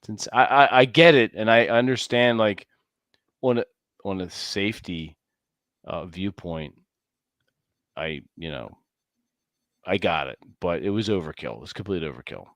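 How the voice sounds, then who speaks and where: Very deep-voiced man, halting speech. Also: animated, fairly bright tone, no room sound. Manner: halting, repeats words. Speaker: podcast co-host. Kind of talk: casual chat.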